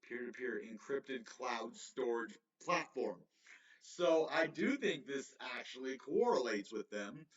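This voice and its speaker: A man in a casual livestream, thinking out loud and tripping over his own words, laughing them off. His voice is mid-pitched and comes from some way off the mic. The room echoes, and the sound is slightly muffled. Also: sing-song, takes it slowly. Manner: rambling, self-correcting, chuckles often. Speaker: crypto livestream host. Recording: roomy, distant, slightly dull mic.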